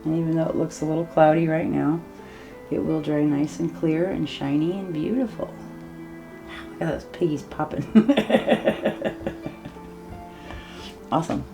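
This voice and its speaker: Bubbly gravelly-voiced woman artist. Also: low voice, fairly even intonation, unhurried, pauses often, mellow, soft background music. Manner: bubbly, gushing, laughs often. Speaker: acrylic pour artist hosting her channel. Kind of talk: casual craft demo chat.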